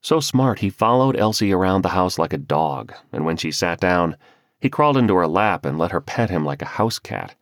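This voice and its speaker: A male audiobook narrator reading a novel in a measured, storytelling manner. His voice is deep and low, recorded dry and close with no room sound. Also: expressive, dry recording. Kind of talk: scripted narration.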